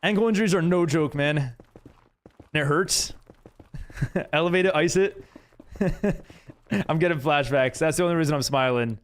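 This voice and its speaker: A man's voice: fairly high pitch, normal speed, pauses often. A young man streaming, chatting casually with viewers, laughing often and using lots of fillers. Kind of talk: casual live-stream chat reading viewer messages.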